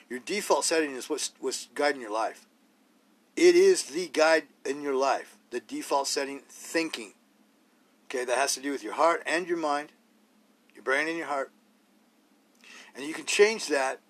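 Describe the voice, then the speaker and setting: A man's voice: on the high side, a bit bright. A man hosting a solo podcast, talking bluntly and rawly in a rambling way, full of rhetorical questions. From Idaho, US. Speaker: podcast host.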